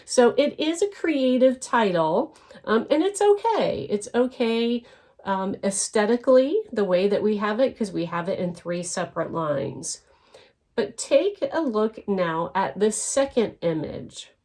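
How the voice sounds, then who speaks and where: An older woman teaching a scrapbooking design lesson, explaining each step patiently and pausing with fillers. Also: mid-range voice, animated, a little mellow. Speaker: scrapbooking instructor. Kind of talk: instructional lesson.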